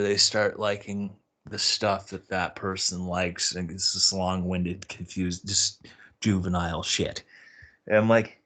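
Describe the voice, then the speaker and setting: A man hosting a podcast, casually telling a personal story with lots of swearing and exasperated, bewildered outbursts. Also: a bit bright. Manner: profane, exasperated, bewildered retelling with sudden high-pitched outbursts. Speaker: podcast host.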